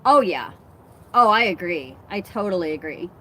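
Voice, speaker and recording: A woman's voice: on the low side, lively intonation, normal speed, pushed and bright, a little hiss or hum. A woman from Southern Illinois with a faint accent there, chatting casually and telling stories as host. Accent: faint Southern Illinois, on certain words. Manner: chatty, storytelling, agreeable asides. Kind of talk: casual chat.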